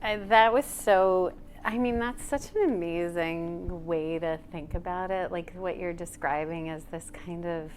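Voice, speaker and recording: A woman's voice: lowish voice, measured pace, few pauses, slight background noise. A woman novelist on a panel, speaking thoughtfully and searching for words with frequent ums. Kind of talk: casual panel conversation.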